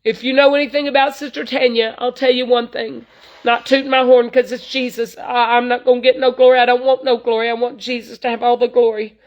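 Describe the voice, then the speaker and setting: A woman's voice: on the high side, flat delivery, brisk, muffled recording. A woman, preaching informally to online viewers in an earnest, folksy way, full of "you know". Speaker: traveling evangelist.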